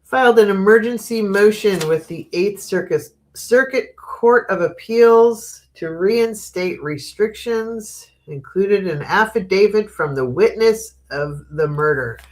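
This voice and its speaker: A woman hosting a live stream in a relaxed, chatty way, speaking at an unhurried, drawn-out pace. She laughs easily, greets viewers by reading their comments aloud, and turns frank and opinionated on current events. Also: medium pitch, slight background noise. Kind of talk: casual live-stream chat.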